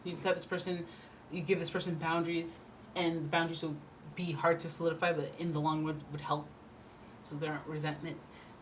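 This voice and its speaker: A woman's voice: deep voice, a little fast, a little hiss or hum. Blunt, chatty woman reading tarot. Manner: animated, slips into playful mock voices. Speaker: tarot reader. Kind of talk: casual tarot reading to camera.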